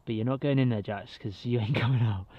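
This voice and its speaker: A man vlogging casually while walking his dog outdoors in a park, chatty and quick to laugh. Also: mid-range voice, no room sound, highs cut off. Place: outdoors in a park and golf course.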